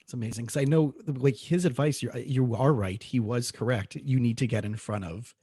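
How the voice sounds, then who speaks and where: A man's voice: mid-range voice, moderate pace, warm tone, breathy edge, dry recording. A man, a therapist and coach, hosting a podcast interview and talking in a conversational way. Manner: conversational, often asks "right?".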